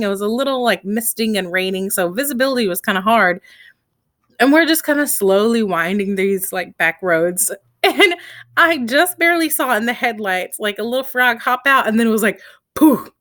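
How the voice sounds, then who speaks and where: A woman's voice: mid-range voice, fairly bright tone, dry recording, studio quality. A woman casually telling a personal story in a vlog, chatty and often laughing, with plenty of fillers. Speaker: vlogger. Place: home in Texas.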